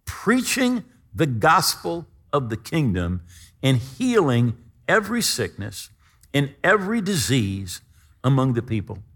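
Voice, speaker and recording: A man preaching a sermon, emphatic, with dramatic swings between loud stresses and quiet drops. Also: mid-range voice. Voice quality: lively, expressive intonation.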